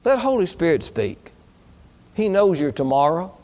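Man preaching, pastor, folksy and exhorting, higher voice, rhetorical questions. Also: sing-song, normal speed, darkish tone. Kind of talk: sermon.

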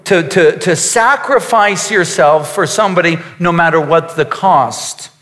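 A man's voice: a little high, measured pace, fairly bright tone, big-room sound. A man preaching a sermon as a pastor, emphatic, with repetitions and asides to his congregation.

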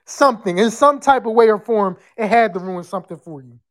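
A podcast host chatting live with callers and the chat, loud and profane, sometimes breaking into screams. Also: mid-range voice, fairly quick.

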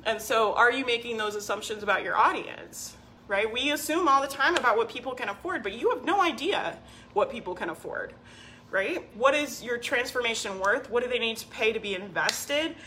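Bright, punchy woman business coach. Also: fairly high pitch, expressive, moderate pace, a little hiss or hum. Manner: emphatic and persuasive, leans on "like" and "right?"; answers viewer comments by name. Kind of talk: casual live-stream coaching talk.

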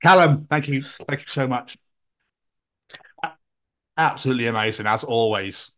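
A man's voice: mid-range voice, normal speed, a bit bright. A man co-hosting a podcast in casual comedic chat, dry and jokey, swearing casually. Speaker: podcast co-host.

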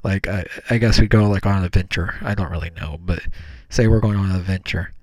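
A man's voice: sits low, fairly quick, darkish tone, no room sound. A young man hosting a solo podcast, meandering with fillers and self-corrections, in a small room on a podcast mic. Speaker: podcast host. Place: small room, talking into his hand. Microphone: podcast mic cupped by hand.

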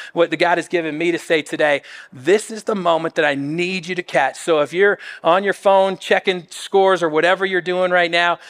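High-voiced man preaching in a hall. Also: a bit bright. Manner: earnest, conversational preaching with dramatic quoted asides. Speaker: pastor. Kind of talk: sermon.

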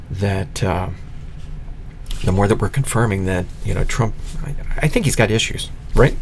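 A man hosting a solo political commentary podcast, talking in an exasperated, sarcastic way with a gravelly voice. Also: on the low side, slight background noise. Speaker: podcast host.

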